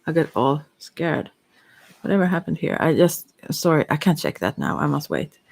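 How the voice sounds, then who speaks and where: A softspoken ASMR psychic with Swedish as a first language, giving a halting, hesitant chakra reading while teary-eyed. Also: mid-range voice, big pitch swings, gravelly. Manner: halting, hesitant, with many fillers. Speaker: psychic card reader.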